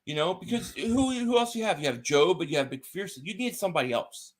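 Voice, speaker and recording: A man's voice: high-pitched, a little fast. A man co-hosting a casual sports podcast, telling stories and reading viewer chat aloud. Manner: animated storyteller, reads viewer chat aloud. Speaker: podcast co-host.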